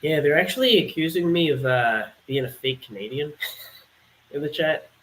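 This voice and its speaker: A man chatting casually on a panel, agreeing often and filling pauses with "like" and "um". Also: a little high, animated, a bit bright, slight background noise, poor audio. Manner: filler-heavy, agreeable. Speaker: panel participant. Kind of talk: casual online panel chat.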